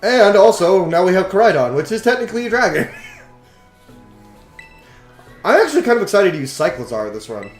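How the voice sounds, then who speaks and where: A man giving jokey, excitable commentary while playing a video game, now and then swearing. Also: sits high, normal speed, long pauses. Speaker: let's play host. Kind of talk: casual gameplay commentary. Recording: roomy echo, faint game music. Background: faint game music.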